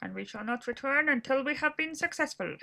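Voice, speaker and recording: A woman's voice: high voice, expressive, fairly quick, gravelly, pushed and bright, a little hiss or hum, voice pushed up, exaggerated voice. A woman with a Scottish accent putting on the voice of a grand, solemn storyteller on a quest, in a mock-heroic tone.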